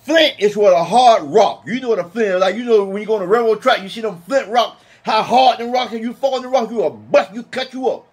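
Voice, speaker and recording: High-voiced man preaching emphatically. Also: slightly rough. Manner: emphatic and colloquial, reads scripture slowly. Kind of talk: Bible teaching sermon.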